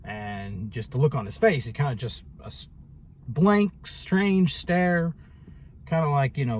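A man's voice: mid-range voice, expressive, moderate pace, a little mellow, slight background noise. A man telling a story in a casual vlog monologue, rambling and sarcastic, with many restarts. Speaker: vlogger.

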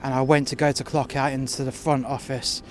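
A man with a mid-range voice and level tone swears his way through a blunt, angry first-person account of a workplace incident, out in the freezing cold. When he tires, his delivery slows. There's a little hiss or hum on the recording.

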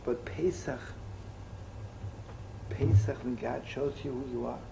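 Gravelly old-time rabbi telling stories. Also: male voice, mid-range voice, fairly even intonation, a little slow. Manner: folksy, jokey, sprinkles Yiddish and Hebrew words. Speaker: rabbi teaching. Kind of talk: storytelling sermon. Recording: noisy old recording.

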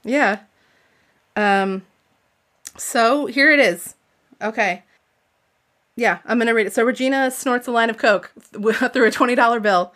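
A woman's voice: fairly high pitch, measured pace, long pauses. Casual woman host, reads aloud, rambling asides, music under it. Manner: chatty asides, many likes and ums. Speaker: podcast co-host reading aloud. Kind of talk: casual book reading and chat.

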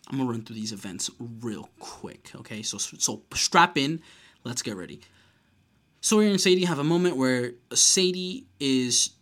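A man giving a casual, profane recap and review of a horror movie, telling the plot with lively energy. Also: mid-range voice. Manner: animated, profane storytelling, acts out characters' lines.

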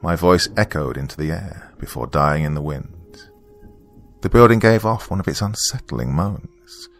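Very deep-voiced man narrating horror. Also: soft background music. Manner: measured, hushed storytelling.

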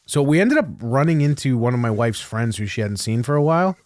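A man's voice: mid-range voice, animated, fast, a little mellow, dry recording. Man, casual chat, rambling storyteller, laughs often, dry close sound. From New England. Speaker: podcast co-host.

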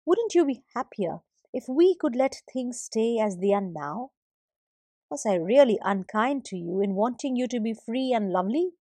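A woman's voice: fairly high pitch, expressive, normal speed, mellow, no echo. A woman voicing an earnest young son. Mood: pleading. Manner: earnest, pleading.

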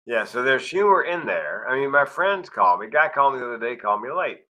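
A middle-aged male guest speaker tells wry personal stories and acts out each line of dialogue. His voice is very bright, with a middling pitch. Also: big pitch swings, quick pace, rough recording. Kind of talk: storytelling interview.

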